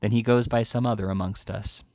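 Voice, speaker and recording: A man's voice: lowish voice, steady tone, fairly quick, a little mellow. A man reading as a desperate young woman thief. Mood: urgent. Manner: pleading, urgent.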